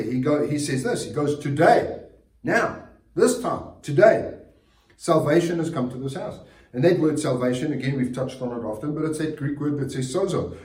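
A male pastor preaching an earnest sermon, repeating key phrases and letting his voice sink softly at the ends of lines. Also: mid-range voice. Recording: roomy, distant church recording.

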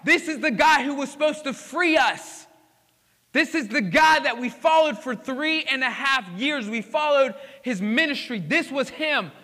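High bright preacher in a big hall. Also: male voice, unhurried. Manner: dramatic storytelling, swinging from hushed to emphatic. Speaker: pastor. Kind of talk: sermon. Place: church sanctuary.

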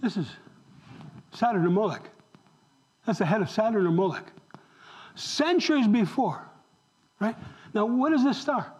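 High-voiced preacher quizzing his flock. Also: unhurried, long pauses, poor audio. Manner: animated, asks the congregation questions. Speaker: pastor. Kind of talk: sermon.

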